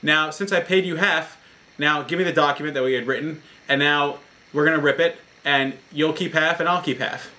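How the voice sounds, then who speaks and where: A man doing a smooth-talking shady villager. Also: on the high side, steady tone, moderate pace, sharp tone, rough recording. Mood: persuasive. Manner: eager, persuasive. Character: smooth-talking dishonest male villager seeking a loan.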